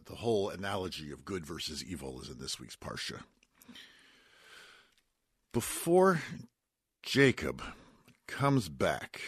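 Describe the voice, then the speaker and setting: Low husky guy preaching a bible story, folksy asides, voice jumps around a lot. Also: dry recording, studio quality. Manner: animated storytelling with Hebrew and Yiddish words. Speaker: rabbi giving a weekly Torah talk. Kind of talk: radio sermon on the weekly portion.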